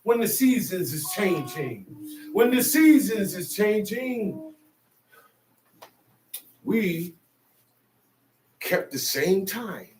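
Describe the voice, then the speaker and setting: Guy preaching call and response, kinda high voice, far off from the mic, lots of echo. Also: sing-song, drawn-out words, pauses often, a little mellow. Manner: rhetorical questions, emphatic and colloquial. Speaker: street preacher. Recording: echoey, distant mic with faint ambient noise.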